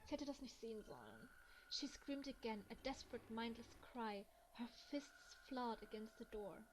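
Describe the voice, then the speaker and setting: A woman's voice: on the high side, animated, normal speed, noisy background. A young German woman with a German accent, reading a visual novel aloud and reacting emotionally in between. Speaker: gaming let's player.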